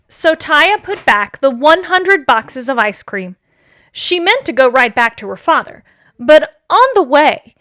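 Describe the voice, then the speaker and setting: High, sing-song woman reading a children's story. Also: dry recording, studio quality. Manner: slow, expressive, sing-song.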